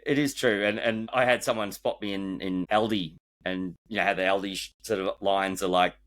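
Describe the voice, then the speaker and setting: A man telling stories as a guest in a casual chat, lively and full of restarts. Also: sits low, normal speed. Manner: animated storyteller with frequent restarts. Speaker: guest, former reality-show builder.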